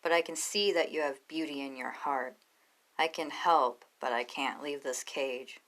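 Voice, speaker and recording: Woman doing a captive dragon, wise and wary, firm, hushed, solemn, storybook reading. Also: sits low, unhurried, rough recording.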